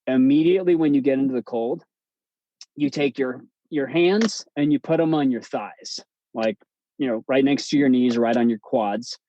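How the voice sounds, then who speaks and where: A man, a guest on an interview podcast, telling stories in a relaxed, chatty way with plenty of fillers and restarts. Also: medium pitch, normal speed, no room sound, highs cut off. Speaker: podcast guest, breathwork instructor. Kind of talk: casual storytelling interview.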